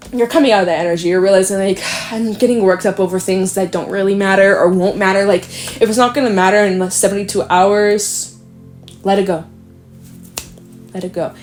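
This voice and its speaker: A young woman gives a casual tarot reading, wandering off on tangents and swearing freely. Her voice sits at a middle pitch, and soft music plays faintly underneath. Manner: rambling, chatty, swears and laughs often. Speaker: tarot reader.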